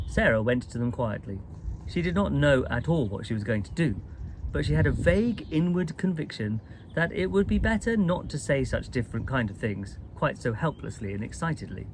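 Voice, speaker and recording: A man reading a children's storybook aloud in an expressive, lively way. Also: mid-range voice, a little fast, a little hiss or hum, poor audio. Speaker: storybook reader.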